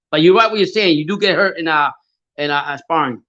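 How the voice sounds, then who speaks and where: A man's voice: on the high side, fast talker, sharp tone, lo-fi sound. A man hosting a live fight reaction stream, swearing, stammering and answering chat comments.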